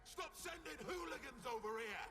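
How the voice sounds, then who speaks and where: A haughty, irate old turtle with an English accent in a video game, high and bright, swinging wildly in pitch. His lines ring out with a long reverb over faint game music. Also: animated, normal speed. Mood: indignant. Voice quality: haughty, indignant, shouting bursts. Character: grumpy, rude old male turtle.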